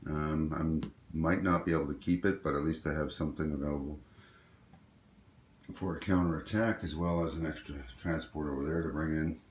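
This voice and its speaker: A man's voice: a bass voice, fairly even intonation, brisk. A man casually talking through his moves in a tabletop strategy game, explaining as he goes with plenty of ums and uhs. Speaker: board game player. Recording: echoey room with faint noise.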